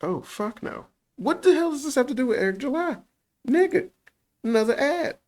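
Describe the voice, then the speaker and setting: Gravelly animated man with a Chicago accent. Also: very high voice, moderate pace. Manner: animated, laughs often, heavy swearing. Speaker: YouTube commentator. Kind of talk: profane reaction commentary.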